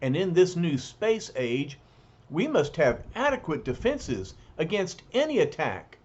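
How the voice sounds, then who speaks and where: A man's voice: fairly high pitch, sing-song, a little slow, darkish tone, breathy edge, lo-fi sound. A man reading a comic book aloud and narrating it, with chatty asides between the lines. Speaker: reader.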